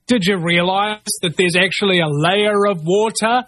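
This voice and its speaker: A man rants in a high, tight voice. He rambles and keeps restarting his sentences. The sound is close and dry, with no room in it. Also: a little slow, fairly bright tone, no echo. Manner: agitated, rambling, full of restarts. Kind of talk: ranting monologue.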